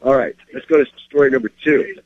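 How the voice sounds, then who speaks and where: A man's voice: mid-range voice, quick pace, phone-quality sound. Plain-spoken man teaching gun-carry rules. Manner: plain-spoken, emphatic, checks in with "okay?". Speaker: firearms instructor and show host. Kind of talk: instructional talk and story reading.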